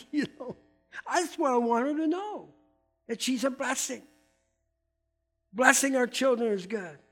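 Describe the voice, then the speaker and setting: Older guy preaching, high-pitched voice, faint music under it, repeats words for emphasis. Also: unhurried, long pauses. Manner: emphatic, repeats key words, swings from loud to hushed. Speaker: pastor. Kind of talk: sermon.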